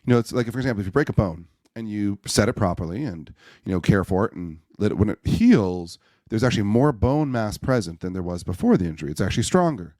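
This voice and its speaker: Guy telling a story on a podcast, voice swoops up and down a lot, lowish. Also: fast, no room sound, clean studio sound. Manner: animated storyteller, acts out voices in anecdotes. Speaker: podcast guest.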